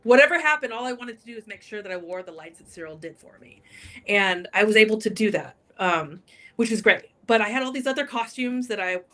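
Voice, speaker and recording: A woman's voice: mid-range voice, animated, fairly quick, pushed and bright. A woman guest on a talk show, telling a story casually, acting out quotes and laughing often. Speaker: guest, drag king entertainer.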